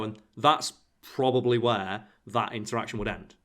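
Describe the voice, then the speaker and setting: A man's voice: lowish voice, steady tone, normal speed, fairly bright tone. A man hosting a casual podcast chat, explaining his points through everyday analogies and acting out short quoted exchanges. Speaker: podcast host. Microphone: podcast microphone.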